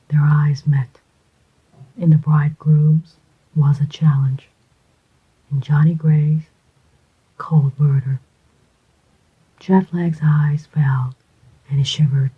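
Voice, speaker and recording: Whispered role-play, audiobook narrator, breathy unvoiced whisper, slow pace, dull lo-fi recording. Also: medium pitch. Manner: slow, even, hushed reading.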